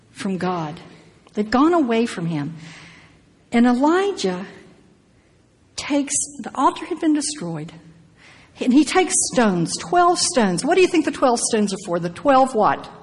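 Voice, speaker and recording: A woman's voice: medium pitch, breathy edge, long reverb tail. A woman preaching a sermon, reading scripture aloud and adding emphatic, personal asides between the verses.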